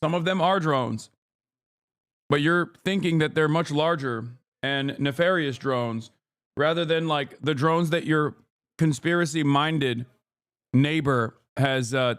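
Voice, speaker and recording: A man's voice: fairly high pitch, a little slow, fairly bright tone, clear, resonant tone. A man in his thirties ranting combatively at his live chat, swearing often. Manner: profane, combative rants at chat. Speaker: streamer. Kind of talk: live-stream political commentary.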